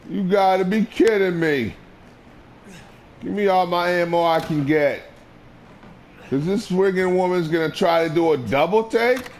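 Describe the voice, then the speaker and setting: A man's voice: sits high, unhurried, vocal fry, pauses often, a little hiss or hum. A man trash-talking and taunting through a let's play, cursing and repeating short phrases over and over. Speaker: gamer.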